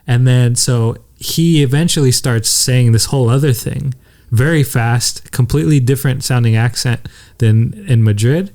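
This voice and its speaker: A young man chatting easily on a podcast, spinning a travel story. He slips into other people's voices as he quotes them. His voice sits at an ordinary middle pitch. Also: normal speed, a little mellow. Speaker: podcast co-host. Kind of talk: casual chat.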